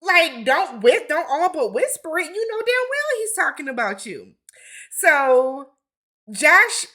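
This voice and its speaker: A woman's voice: sits high, very animated, takes it slowly, bright, forceful tone. A woman giving a casual recap of a reality TV episode, with sassy, blunt commentary and slangy asides.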